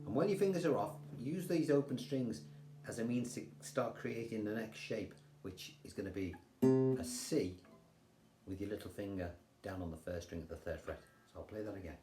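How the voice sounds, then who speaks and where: An older man with an English accent, teaching guitar in a chatty, relaxed way and counting rhythms aloud. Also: on the low side, normal speed. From England. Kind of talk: casual guitar tutorial. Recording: roomy sound with guitar playing.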